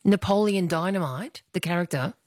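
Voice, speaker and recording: A woman's voice: on the low side, moderate pace, darkish tone, dry recording, clean studio sound. A woman hosting a casual radio chat, playfully quizzing her guest. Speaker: radio host.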